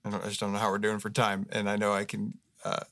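A man's voice: on the low side, monotone, fast, a bit bright, dry recording, clean studio sound. A man as a guest pastor in a podcast interview, telling a story earnestly and with animation. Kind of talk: casual interview talk.

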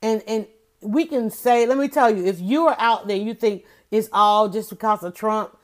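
Woman commentator, casual opinion talk, emphatic and animated, mid-range voice, speaks right to her audience. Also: mid-range voice, moderate pace. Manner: emphatic, animated, addresses listeners directly.

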